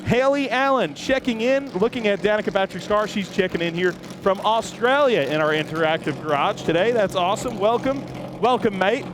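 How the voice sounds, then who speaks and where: Upbeat high-voiced man in noisy garage. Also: animated, fairly quick, hardly any pauses. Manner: upbeat, enthusiastic, chatty with viewers. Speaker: host. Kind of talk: live walk-around garage commentary. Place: outdoor race-car garage. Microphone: camera he holds himself. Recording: noisy outdoor garage, engines running. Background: engines and garage noise.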